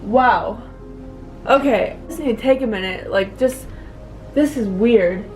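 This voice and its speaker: A young woman speaking to her viewers in a personal vlog, emotional and close to tears, halting with many fillers and restarts. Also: a little high, a little mellow, faint music behind. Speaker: vlogger.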